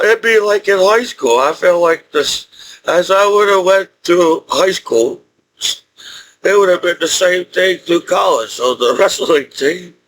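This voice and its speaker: Middle-aged guy with a high voice rambling on about himself, keeps chuckling, loops back a lot. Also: a bit bright, poor audio. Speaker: military veteran vlogger. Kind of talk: rambling personal monologue.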